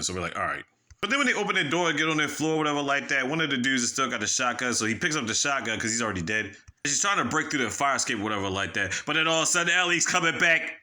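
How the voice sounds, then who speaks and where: A man's voice: mid-range voice, sharp tone. A man casually retelling a horror movie plot, profane and rambling, acting out the characters' reactions. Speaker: movie reviewer. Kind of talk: casual spoiler recap.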